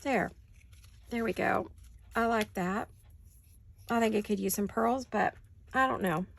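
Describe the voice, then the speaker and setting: A woman hosting a casual craft-along, thinking aloud as she works at her desk and often dropping into soft, muttered asides. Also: mid-range voice, measured pace, creaky. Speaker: crafting channel host.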